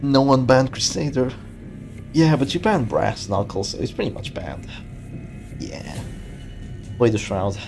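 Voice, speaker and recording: A man's voice: medium pitch, big pitch swings, a little slow, vocal fry, long pauses. A man casting a game tournament live in casual play-by-play, bantering with and answering his live chat. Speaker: tournament caster. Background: game music.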